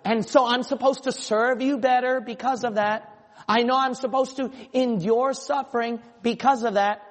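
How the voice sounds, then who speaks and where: Male pastor, impassioned sermon, high voice, long church reverb. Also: steady tone, moderate pace. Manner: impassioned preaching, voicing imagined listeners.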